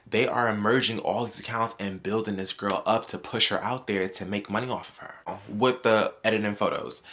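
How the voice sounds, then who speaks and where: New guy doing storytime commentary, kinda low but bright and punchy, keeps repeating himself. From New York. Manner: chatty, repetitive, animated storytelling. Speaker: commentary vlogger.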